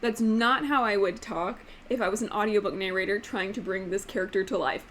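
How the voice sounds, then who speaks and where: A woman hosting a casual book vlog, talking emphatically with lots of "like" fillers and sometimes showing off voices with sudden jumps in pitch. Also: brisk, fairly bright tone, slight background noise. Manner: chatty, emphatic, frequent "like" fillers. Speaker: book channel host.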